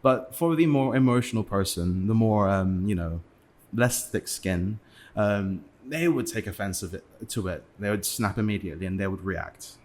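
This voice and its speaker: In a casual podcast interview, a young man from England talks with a fairly low, slightly mellow voice at a moderate pace with few pauses. He still leans on lots of fillers and restarts.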